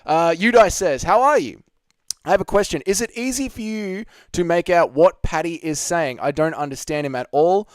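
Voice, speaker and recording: A man's voice: a little high, moderate pace, smooth, dry recording. A young man hosting a casual live stream, chatting and reading out viewer comments with plenty of swearing. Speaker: livestream host.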